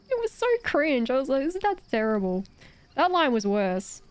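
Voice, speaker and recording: A woman's voice: high voice, sing-song, moderate pace, smooth. A woman streamer chatting casually while gaming, ranting animatedly with swearing and laughter.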